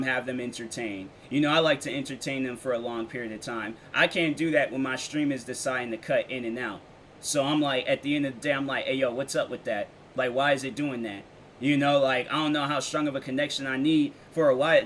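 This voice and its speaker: A young man talks loosely to his viewers from his bedroom, drifting between thoughts with plenty of slang and filler words. His voice sits at an ordinary middle pitch. A faint hum of fans runs behind him. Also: fairly bright tone. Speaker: vlogger and streamer. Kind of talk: casual rambling monologue. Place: warm bedroom with fans running. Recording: faint fan noise behind.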